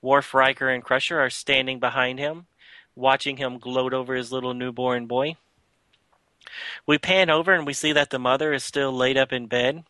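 A man's voice: medium pitch, steady tone, moderate pace, pushed and bright, no room sound. A man hosting a podcast, casually retelling a comic book story with lots of filler words. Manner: chatty, loose retelling with frequent filler words. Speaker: podcast host.

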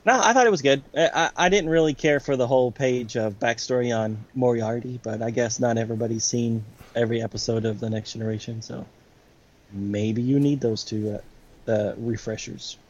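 A man co-hosting a podcast, chatting casually and enthusiastically, quick to agree. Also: medium pitch, highs cut off. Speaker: podcast co-host. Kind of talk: casual chat.

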